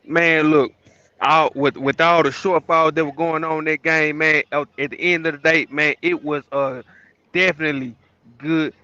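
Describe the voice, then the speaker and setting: Bright-voiced man calling in, halting. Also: a little high, steady tone, no echo, highs cut off. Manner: halting, stammers, fills with "man" and "bro". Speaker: caller, former athlete. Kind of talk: casual call-in chat.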